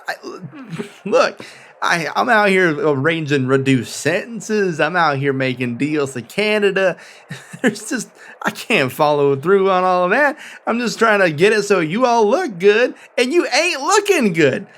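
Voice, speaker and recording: A man's voice: high-pitched, a bit bright, voice pushed up, heavily acted. A man voicing a pompous, scheming prison warden who rants crudely and in exasperation.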